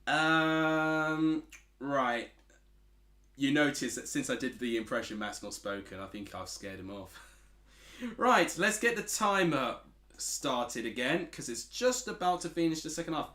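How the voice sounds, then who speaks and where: A man's voice: medium pitch, lively intonation, measured pace, pushed and bright, roomy sound. A man from Essex with an Essex accent, chatting casually as a streamer while watching football and reading out chat messages. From Essex, England.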